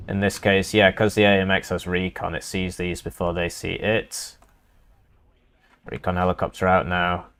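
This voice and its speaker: Low-voiced casual game caster. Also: male voice, level tone, normal speed, gravelly, a bit bright, smooth. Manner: casual, rambling, filler-heavy. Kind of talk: live game commentary.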